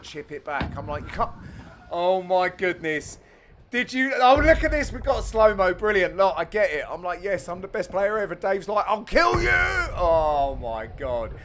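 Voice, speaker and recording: A man giving a cheeky, jokey, self-mocking voice-over commentary on amateur match footage, with bursts of excitement. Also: high voice, slight background noise. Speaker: channel host and commentator.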